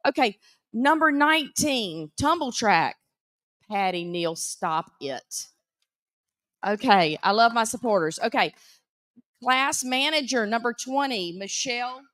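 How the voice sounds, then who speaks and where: A woman with a Southern American accent announcing prize winners at a live event, teasing and animated. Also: fairly high pitch, unhurried, no room sound, studio quality. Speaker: auction emcee.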